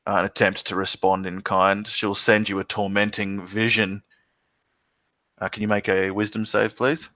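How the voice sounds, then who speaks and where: Male game master, low steady voice, descriptive and halting with fillers. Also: no room sound. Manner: descriptive narration with frequent filler words. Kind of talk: narrating a tabletop game.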